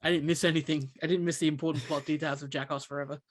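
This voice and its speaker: A man's voice: fairly high pitch, little pitch movement, rapid-fire. A man telling a long story as a podcast co-host, rambling with many restarts. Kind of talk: casual chat.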